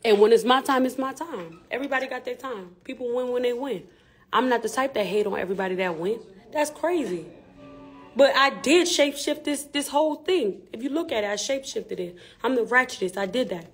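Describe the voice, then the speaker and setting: A woman's voice: on the high side, expressive, a little fast, slightly rough, faint music behind. A woman rapper, talking candidly and emphatically on a live stream in repetitive street slang.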